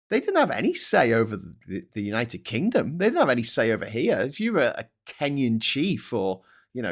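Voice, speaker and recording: A man with a Scouse accent hosting a political livestream, talking in an excitable, sweary, rambling way. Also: medium pitch. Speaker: livestream host. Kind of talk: casual political livestream chat.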